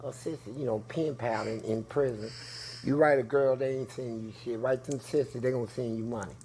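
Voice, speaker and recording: A man in an interview telling prison stories in a loud, profane way, acting out voices. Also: steady tone, fairly quick, slight background noise. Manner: profane, acts out voices with big pitch jumps. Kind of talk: animated storytelling.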